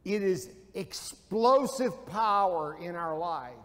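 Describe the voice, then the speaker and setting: A man's voice: high voice, animated, takes it slowly, fairly bright tone, in a large hall. A man preaching a folksy sermon in a church, asking his listeners questions and answering them himself. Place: church sanctuary.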